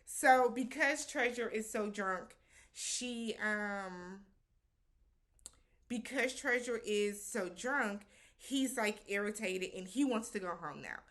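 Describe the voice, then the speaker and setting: A woman's voice: medium pitch, slow, fairly bright tone. A woman hosting a casual reality-show recap, talking animatedly, slipping into quoted voices and slang.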